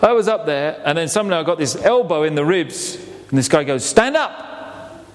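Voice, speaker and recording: A man preaching a sermon as a pastor, animated, asking rhetorical questions and repeating words as he goes. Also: fairly high pitch, quick pace, big-room sound.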